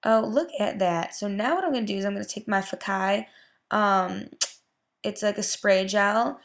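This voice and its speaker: Speaking at a normal pace with a medium-pitched voice, this young beauty vlogger chats her way through a casual hair tutorial. There's gravelly vocal fry in her voice, and her talk is packed with "like" and "um."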